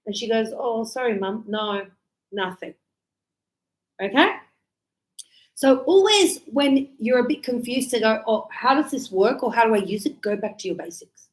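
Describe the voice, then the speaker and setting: A woman's voice: a little high, moderate pace. A middle-aged woman with an Australian accent, teaching an English grammar lesson live and acting out little examples as she explains. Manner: lively, explains with acted examples. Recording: echoey room.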